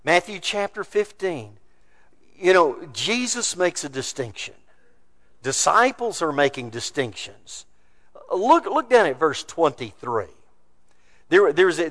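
A male pastor preaching a sermon, emphatic, rising loud then dropping low. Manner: emphatic preaching with wide swings of pitch and loudness.

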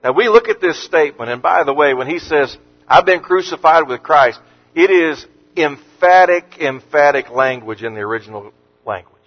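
A man preaching an earnest sermon as pastor, lifting his voice on scripture quotes and dropping low and soft on words of comfort. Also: expressive, normal speed. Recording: muffled sound with long hall reverb.

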